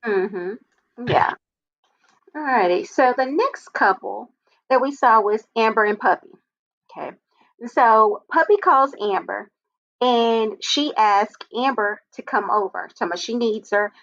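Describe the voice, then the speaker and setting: A woman's voice: on the high side, lively intonation, slow, fairly bright tone, no room sound. A woman hosting a casual recap chat, retelling scenes and adding blunt, opinionated asides. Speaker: host of a reality TV recap show. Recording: dull, lo-fi audio.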